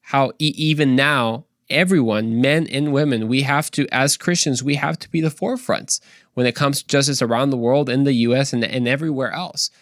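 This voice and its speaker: A young man hosting a podcast, talking casually about faith in an energetic, preachy and joking way. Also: medium pitch, moderate pace, no echo, studio quality. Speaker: podcast host.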